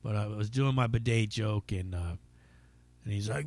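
A man's voice: on the low side, moderate pace, a little mellow, dry recording, studio quality. A man hosting his own podcast, telling a stand-up story in casual, rambling talk full of swearing and fillers. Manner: rambling, profane, lots of fillers. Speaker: podcast host and stand-up comic.

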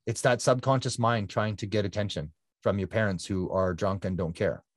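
A man's voice: on the low side, fairly even intonation, moderate pace, no echo, studio quality. A man, a guest endurance athlete, telling his personal story in an earnest, reflective conversational way, often repeating phrases for emphasis.

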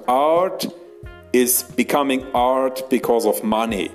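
A man delivering a mock guru monologue for a podcast, slowly repeating short chant-like phrases. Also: medium pitch, darkish tone, faint music behind. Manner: slow, repetitive, chant-like phrases.

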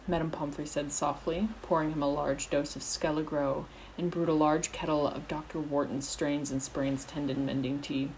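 A woman narrating fan fiction aloud in a steady, expressive storytelling voice. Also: deep voice, normal speed, a little hiss or hum, rough recording.

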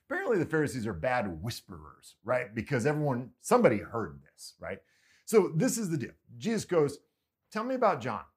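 Male preacher, casual sermon delivery with lively, swinging pitch. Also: brisk. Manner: conversational, animated storytelling. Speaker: pastor.

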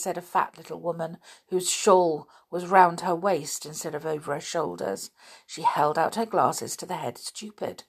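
Husky woman reading a children's story. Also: fairly low pitch, normal speed. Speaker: narrator.

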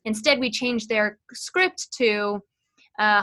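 A woman sales training consultant talking as an interview guest, chatty and explanatory, with quick asides as she explains phone technique. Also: medium pitch, a bit bright.

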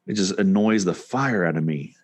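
A man's voice: low voice, normal speed, dry recording. A man co-hosting a casual chat show, talking in a rambling way with many restarts and fillers. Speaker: podcast co-host.

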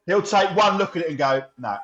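A man's voice: sits high, expressive, fairly quick, fairly bright tone, muffled recording. A man, an actor and podcast co-host, in comic casual chat, laughing often and swearing for effect.

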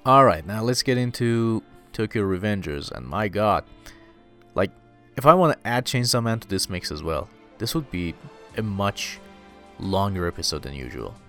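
A man's voice: lowish voice, animated, moderate pace, fairly bright tone, soft background music. A man casually recapping a manga chapter, loose and rambling, full of fillers and "dude".

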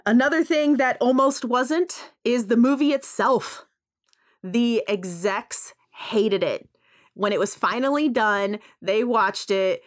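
A woman's voice: a little high, slow pace. A woman in a casual podcast chat, animatedly retelling a film and acting out quoted lines between laughs.

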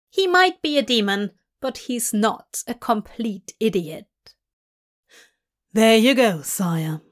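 A woman reading a fanfiction story aloud in slow, even storybook narration. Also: mid-range voice. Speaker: fanfiction reader.

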